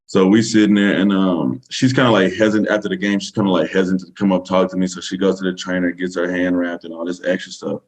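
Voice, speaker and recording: Speaking fast with few pauses, this low-voiced man barely moves his pitch, and the audio quality is poor. He's from Texas, has a Southern US accent, and rambles through a casual story as a podcast guest, full of fillers.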